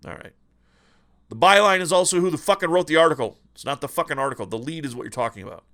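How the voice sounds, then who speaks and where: A man's voice: fairly high pitch, fast talker, sharp tone. A man hosting a retro gaming news vlog who rants about the news in a profane, sarcastic way. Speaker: retro gaming channel host.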